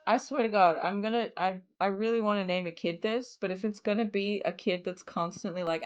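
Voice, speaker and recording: A young woman with an Australian accent chatting casually while streaming a game, laughing often and filling pauses with ums and likes. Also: medium pitch. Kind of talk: casual gameplay commentary.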